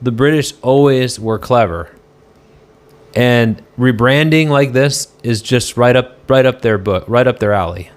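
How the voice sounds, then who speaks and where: A man's voice: mid-range voice, a little slow. A man on a casual live stream, answering chat in a rambling, argumentative way and swearing now and then.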